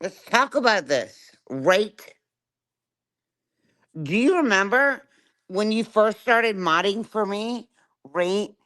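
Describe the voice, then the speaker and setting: Middle-aged woman streamer, clear voice, furious and foul-mouthed, hammers every point with "right?". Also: mid-range voice, expressive, takes it slowly, long pauses, a bit bright. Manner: profane, confrontational, keeps asking "right?". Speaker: livestreamer. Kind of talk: angry live-stream rant.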